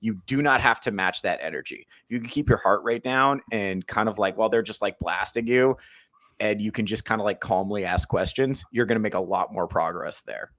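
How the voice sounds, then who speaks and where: A man hosting a casual podcast chat, animated, laughing often and swearing freely. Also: lowish voice, a little fast, no room sound. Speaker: podcast host and comedian.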